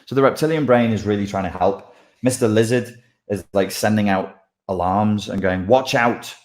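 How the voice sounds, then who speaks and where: A man, a life coach, explaining his ideas in a loose, animated livestream monologue full of asides. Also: on the low side, normal speed.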